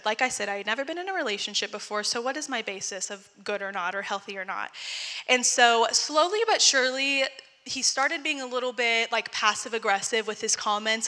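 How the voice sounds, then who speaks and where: A woman's voice: fairly high pitch, sharp tone, long reverb tail. A young woman giving a candid, chatty personal testimony at a church gathering, talking casually and using "like" a lot. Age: young adult. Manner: candid, chatty, heavy use of "like". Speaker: testimony speaker.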